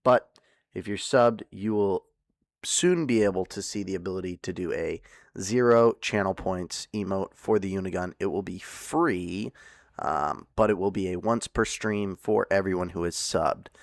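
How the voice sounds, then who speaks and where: A man's voice: deep voice, moderate pace, no room sound, clean studio sound. A man casually chatting to his viewers as a game streamer, rambling with lots of fillers and restarts. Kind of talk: casual livestream chat.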